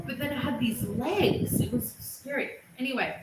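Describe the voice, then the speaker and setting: Middle-aged aussie woman on a livestream, fairly high voice, animated story bits, echoey noisy room. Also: normal speed. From Australia. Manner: animated storytelling, swings into loud excited bursts. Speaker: livestream host. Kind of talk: casual livestream chat. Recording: echoey room with loud noise.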